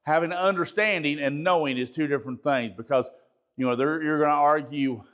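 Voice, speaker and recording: A pastor giving a conversational training talk, folksy, repeating words and asking the audience questions. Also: male voice, a little high, a little fast, a bit bright.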